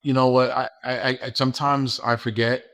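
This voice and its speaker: An earnest man speaks at an ordinary middle pitch. He talks casually as a guest on a podcast, repeating words as he searches for them. His feelings come through openly as he talks. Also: level tone, moderate pace, fairly bright tone. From New York. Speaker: school principal, guest. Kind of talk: casual interview talk.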